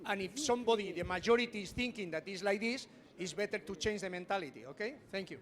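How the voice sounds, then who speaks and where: A man's voice: high voice, fast, fairly bright tone. A man presenting at a seminar, talking earnestly with non-native phrasing and a lot of repetition, to an audience in a large hall. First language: not English. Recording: echoey hall with background noise.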